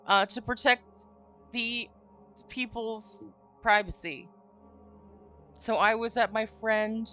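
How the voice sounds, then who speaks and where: Woman, host, casual story, animated, swears, faint background music. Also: a little high, unhurried, long pauses. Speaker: streamer host. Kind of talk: casual chat, telling a story. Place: home stream room. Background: faint spooky music.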